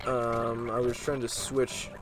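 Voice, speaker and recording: A man casually commenting on his video game playthrough, relaxed and rambling with plenty of fillers. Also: medium pitch, slow, rough recording. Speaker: let's play host. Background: game music.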